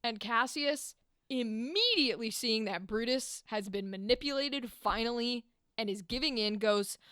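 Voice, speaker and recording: Young woman chatting on her podcast, high smooth voice, swears a lot, acts out bits. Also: a little slow, no room sound, clean studio sound. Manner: animated, swears, acts out lines in playful voices. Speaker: podcast host. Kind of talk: casual podcast discussion.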